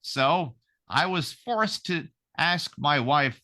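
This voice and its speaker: A young adult man hosting a podcast, telling profane, animated stories in casual banter. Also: medium pitch, takes it slowly. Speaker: podcast host.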